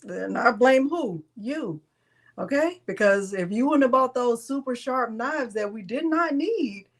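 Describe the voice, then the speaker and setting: A woman's voice: fairly high pitch, animated, measured pace. A woman hosting a live crafting tutorial, chatting casually and teasing with frequent laughter. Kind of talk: casual live-stream chat.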